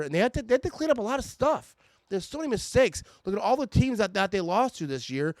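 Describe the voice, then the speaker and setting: A man's voice: high-pitched, very animated, fast talker, dry recording. A man in a casual, irritated fan rant about his team, stammering and restarting often. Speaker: sports fan vlogger.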